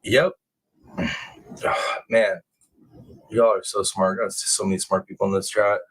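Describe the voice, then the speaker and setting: A man hosting a casual true crime livestream, reading chat comments aloud and bursting into excited, high-pitched exclamations. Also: slow, breathy edge, poor audio. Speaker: livestream host.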